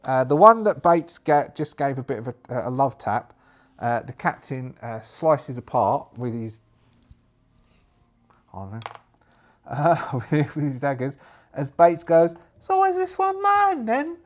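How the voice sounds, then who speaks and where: A man's voice: mid-range voice, animated, a little slow, pauses often. A man narrating a solo tabletop game, chatty and rambling, laughing to himself. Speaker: game master.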